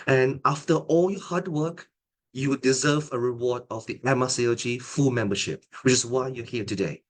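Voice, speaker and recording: A middle-aged man teaching an online exam-preparation lecture as a tutor and examiner, calm and deliberate, often restarting his phrases. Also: mid-range voice.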